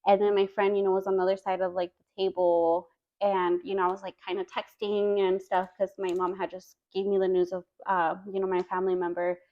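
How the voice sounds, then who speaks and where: A woman's voice: medium pitch, little pitch movement, brisk. Woman, casual storytelling, earnest, lots of "like", medium voice, dull lo-fi sound. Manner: earnest, heavy use of "like" and "you know". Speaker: podcast guest.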